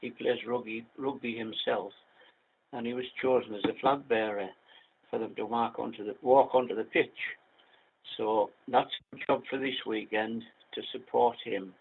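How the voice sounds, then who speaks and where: Older man from England, gravelly, easygoing caller on a phone-thin radio link. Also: medium pitch, fairly even intonation, moderate pace. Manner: plain, easygoing storytelling. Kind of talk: amateur radio net chat. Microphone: radio transmission. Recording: tinny radio link with faint noise.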